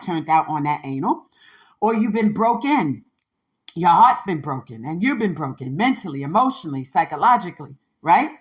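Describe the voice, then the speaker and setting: Her medium-pitched voice comes through with the highs cut off as this podcast host delivers a frank, laid-back monologue. Sassy and emphatic, she leans heavily on slang and keeps punctuating her points with "okay?"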